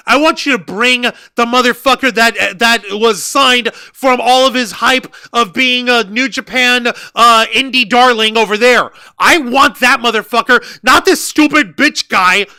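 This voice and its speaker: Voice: mid-range voice, pushed and bright. A wrestling review co-host ranting heatedly and emphatically, swearing constantly. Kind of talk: heated podcast rant.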